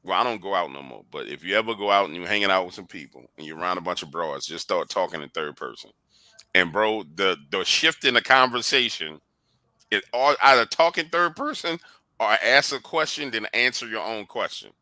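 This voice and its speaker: A man chatting on a live stream as a guest, telling stories animatedly and laughing loudly, calling the others bro. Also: on the low side, lively intonation, brisk, dry recording. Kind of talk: casual storytelling chat.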